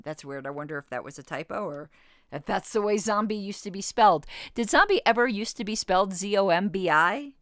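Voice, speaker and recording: Dry-sounding woman in her fifties, lively. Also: mid-range voice, fairly quick, no room sound. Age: 50s. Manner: reads quotes then argues back with blunt disagreement. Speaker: podcast host. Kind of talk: reading an interview aloud and commenting.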